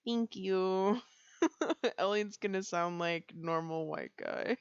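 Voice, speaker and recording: A woman's voice: mid-range voice, slow, smooth, no echo. A woman streaming casual chat, giggling and teasing herself often. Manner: giggly, self-deprecating, laughs often. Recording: dull, slightly lo-fi dry sound.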